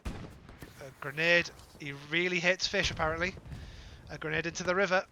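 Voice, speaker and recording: British guy casting a live match, bright fairly high voice, jokey, keeps correcting himself. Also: fairly even intonation, a little hiss or hum. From Britain. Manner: playful, joking asides and quick self-corrections. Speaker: esports caster. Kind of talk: live game commentary.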